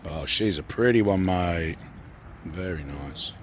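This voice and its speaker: A man with a croaky voice, chatting and bantering as he commentates a fishing session outdoors. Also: low-pitched, takes it slowly, a little hiss or hum. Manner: banters and asks questions. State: croaky after losing his voice to a cough. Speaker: angler and channel host. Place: lakeside outdoors.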